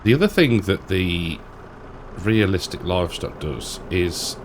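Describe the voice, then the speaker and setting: A man's voice: low-pitched, very animated, unhurried, noisy background. A middle-aged man rambling through casual gameplay commentary, with lots of ums and restarts. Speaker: gaming YouTuber.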